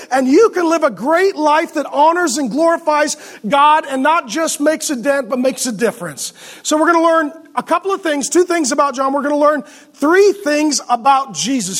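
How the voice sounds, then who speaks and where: A male pastor giving an animated, joking sermon with asides to the congregation. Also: extremely high pitch.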